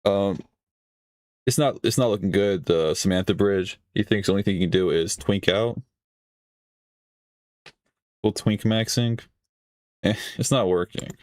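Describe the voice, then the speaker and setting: A man's voice: fairly low pitch, a little slow, pauses often, a little mellow, no room sound. A man streaming casual reaction commentary, offhand and swearing, often laughing.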